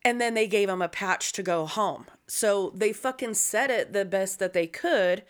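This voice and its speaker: A woman telling a wild story in casual conversation, voice sitting in a middle register. She swears constantly and slips into the voices of the people she quotes. The delivery is loose and lively. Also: medium pitch, normal speed. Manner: profane, animated storytelling. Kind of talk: casual chat.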